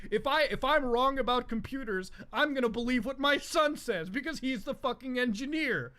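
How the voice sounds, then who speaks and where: A man's voice: very high voice, moderate pace, pushed and bright, pitched above the performer's own voice. A man voicing his furious middle-aged doctor father, berating someone with insults. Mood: indignant.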